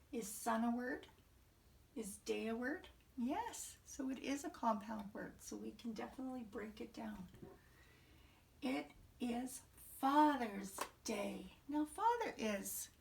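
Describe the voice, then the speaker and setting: A woman teacher walks young children through a morning message, asking them questions in a sing-song way. Her speech is very slow and a little high, with a gravelly edge. She sits back from the mic, and a faint hiss runs underneath. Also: recorded from a distance.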